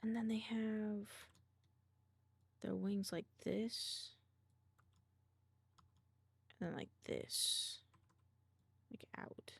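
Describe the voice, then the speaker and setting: A woman's voice: mid-range voice, steady tone, drawn-out words, creaky, pauses often, breathy edge, no echo. A woman streamer chatting casually while she draws, murmuring half to herself and making little sound effects.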